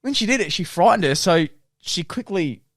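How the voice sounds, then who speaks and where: A man's voice: sits high, animated, moderate pace, a bit bright, dry recording, studio quality. A young Australian man co-hosting a podcast, telling sweary stories in casual banter and laughing often. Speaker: podcast co-host.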